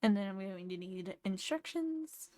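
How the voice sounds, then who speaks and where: Woman, streamer, sleepy, chatty, thinks aloud, mid pitch, dry close sound. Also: expressive, unhurried, dark tone, no echo. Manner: chatty, thinks aloud while playing, explains game tips. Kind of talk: casual gameplay commentary.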